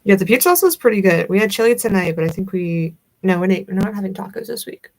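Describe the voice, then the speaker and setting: A woman's voice: mid-range voice, lively intonation, fast talker, vocal fry, a little mellow, rough recording. A young woman with a Southern accent hosting a livestream, chatting in a rambling way and answering comments from her viewers. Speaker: livestream host. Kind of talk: casual chat with viewers.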